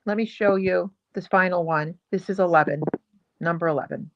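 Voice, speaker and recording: A woman's voice: lowish voice, moderate pace. Indignant female host, emphatic and repetitive, slightly muffled lo-fi stream sound. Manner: indignant, emphatic, repeats herself. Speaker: show host. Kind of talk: heated commentary on video clips.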